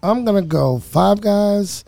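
A man's voice: high-pitched, lively intonation, takes it slowly, gravelly, mellow, no echo, soft background music. A man co-hosting a casual radio chat show, chatty and emphatic, who repeats himself for effect. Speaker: co-host.

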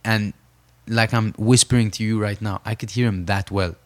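A young man with a fairly low voice tells his story as a podcast guest. He talks in an earnest, emphatic way and repeats key phrases to drive them home. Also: steady tone, normal speed. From Saudi Arabia. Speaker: podcast guest, professional boxer.

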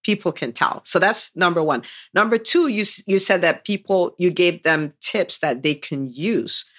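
A woman's voice: fairly low pitch, normal speed, fairly bright tone. A woman hosting a business podcast, enthusiastically unpacking and praising her guest's story in an interview chat. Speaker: podcast host and business coach.

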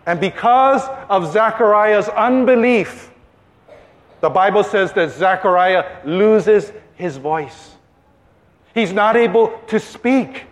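A man's voice: high-pitched, lively intonation, slow pace. A male pastor preaching a sermon in a playful storytelling manner.

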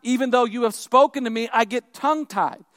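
A man's voice: very high-pitched, fairly quick, a bit bright, no echo, studio quality, big-room sound. A man voicing an anxious older man who keeps pleading that he is not able to do the task. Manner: pleading, raised and strained.

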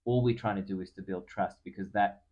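A man's voice: low voice, fairly even intonation, brisk, a little mellow, lo-fi sound. A man hosting a podcast who speaks in a thoughtful, reflective way with many "you know" fillers. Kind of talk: casual conversational interview.

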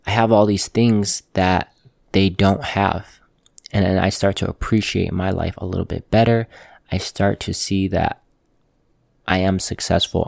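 Man, low voice, gravelly, dry close sound, calm earnest motivational talk, repeats himself for emphasis. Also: no echo. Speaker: tattoo artist, show host.

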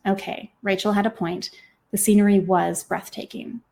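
A woman author and podcast host reading her own novel aloud with expressive, lively storytelling. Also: medium pitch, normal speed, creaky.

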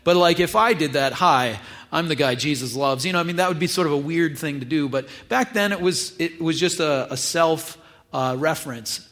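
Man, pastor, sermon, casual conversational delivery, slightly higher voice. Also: moderate pace, a bit bright. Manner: casual, conversational retelling with acted asides.

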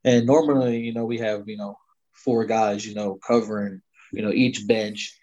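A man's voice: fairly low pitch, fairly even intonation, moderate pace, darkish tone. A middle-aged man telling a long personal story in casual conversation, rambling with many fillers. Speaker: guest storyteller. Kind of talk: casual spoken hunting story. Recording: slightly dull lo-fi sound.

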